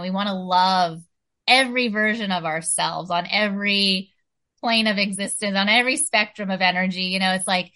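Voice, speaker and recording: Bright-voiced woman talking earnestly. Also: medium pitch. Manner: earnest, many fillers like "you know" and "like". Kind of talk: casual spiritual chat.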